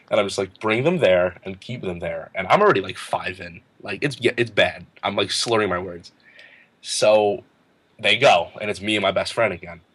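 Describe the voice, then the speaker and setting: A man in his late teens, a podcast guest, telling a story in a lively way, laughing often and acting out the other people's lines in a raised voice. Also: moderate pace, slightly rough. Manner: animated, laughing, acts out quotes in a higher voice. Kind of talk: casual storytelling.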